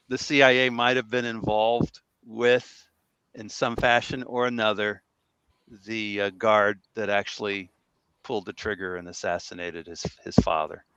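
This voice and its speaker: A man's voice: mid-range voice, bright, forceful tone, clear, resonant tone, no room sound, muffled recording. A man bantering as a guest on a livestream, asking jokey questions and teasing the others. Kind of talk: casual banter.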